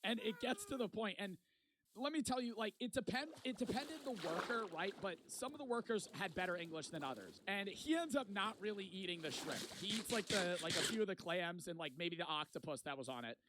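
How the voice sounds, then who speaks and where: A young vlogger with a voice that sits high talks briskly and animatedly over a noisy background. He rambles through a long vacation story, swearing a lot and tagging lines with "right?".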